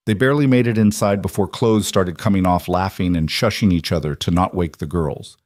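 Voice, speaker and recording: A man narrating a scripted family story in an even, unhurried way. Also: low-pitched, no room sound, studio quality.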